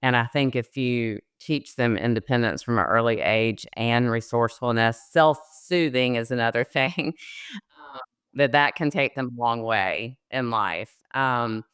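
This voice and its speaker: A woman's voice: rumbling low, fairly bright tone, clear, resonant tone, no echo, studio quality. A middle-aged woman, a mortgage loan officer, explaining credit scores in a casual podcast interview with frequent fillers.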